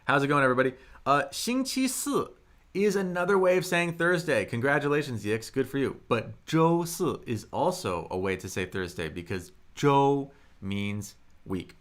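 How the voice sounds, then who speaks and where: An upbeat young man hosts a live online language lesson in a mid-range voice. He reads viewers' comments aloud and slows down to model each word clearly and loudly for them to copy. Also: mid-range voice, lively intonation. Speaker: Mandarin teacher on a livestream.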